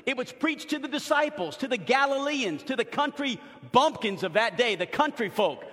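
A pastor from New Orleans preaching a sermon in a church, emphatic, swinging from loud to hushed. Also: male voice, very high-pitched, lively intonation, normal speed. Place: church sanctuary. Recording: long hall reverb.

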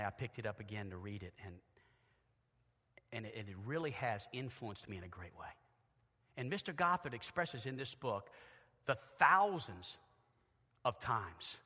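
A middle-aged man preaching a sermon as pastor in a church, moving from quiet, intimate asides to loud, shouted emphasis. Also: fairly low pitch. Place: church sanctuary. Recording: long church reverb.

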